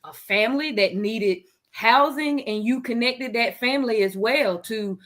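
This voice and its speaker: A woman's voice: on the high side, unhurried, a bit bright. A woman speaking earnestly on a radio talk panel, rambling with many fillers as she explains her views. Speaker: panelist, runs a charity dress program.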